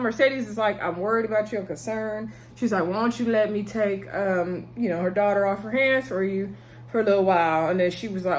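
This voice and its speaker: A woman recapping a TV episode for her viewers in a chatty, casual way, laughing often and breaking into high-pitched exclamations. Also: fairly even intonation, brisk, slight background noise. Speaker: TV episode reviewer. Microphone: talking to camera.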